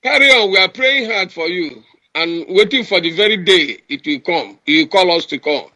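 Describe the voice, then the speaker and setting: Older guy calling in over the internet, sharp high voice, firm and rousing. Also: lively intonation, moderate pace, no room sound, poor audio. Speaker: caller. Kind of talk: internet call to a radio show.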